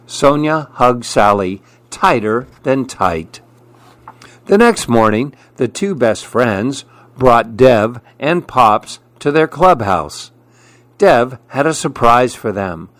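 A man reading a children's picture book aloud in a deliberate storytelling manner. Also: medium pitch, big pitch swings, fairly bright tone, no echo. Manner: slow, deliberate read-aloud.

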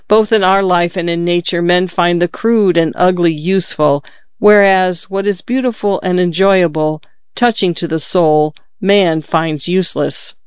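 A man's voice: high voice, smooth, no room sound, lo-fi sound. A man voicing a skeptical, grumbling elderly father who likes to philosophize in a dry manner.

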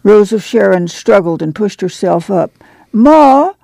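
Seorang wanita membacakan narasi buku audio dengan tempo terukur. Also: female voice, mid-range voice, fairly even intonation, normal speed, gravelly, dark tone, no echo. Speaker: audiobook narrator. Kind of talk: scripted narration.

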